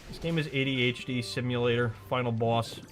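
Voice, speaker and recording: A man's voice: mid-range voice, steady tone, fairly quick, a bit bright, soft background music. A man chatting and joking while streaming a video game live. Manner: chatty, jokey, exclaims at the game. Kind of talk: casual live gameplay commentary.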